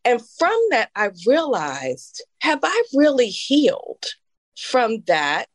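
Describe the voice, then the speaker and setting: A woman's voice: a little high, very animated, slow pace, no echo. A woman in her fifties co-hosting a podcast, telling a personal story in a heartfelt, emotional way. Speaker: podcast co-host. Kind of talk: casual conversational podcast.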